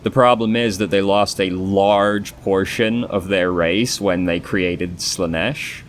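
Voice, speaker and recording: A man hosting a game let's play in a laid-back, rambling way and swearing freely. His voice sits very low. A faint hiss can be heard behind him. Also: fairly even intonation, takes it slowly. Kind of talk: casual gaming commentary.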